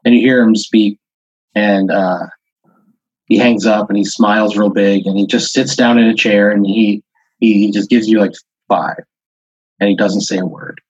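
A man with a low, husky voice spins an improvised second-person story, rambling along with plenty of "like" and "uh" fillers. The sound is dull and lo-fi, as from a basic podcast setup. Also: fairly even intonation, moderate pace, a little mellow, dry recording. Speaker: podcast host. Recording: dull lo-fi audio.

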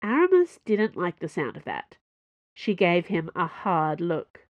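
Woman audiobook narrator, lowish voice with a lively melody, close and dry. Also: a little slow, dry recording, muffled recording. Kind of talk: scripted narration.

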